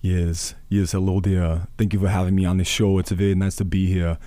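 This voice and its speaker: Man playing a stiff clipped bodybuilder action star, low voice, dry sound. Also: level tone, brisk, dark tone, no room sound, lightly acted. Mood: boastful.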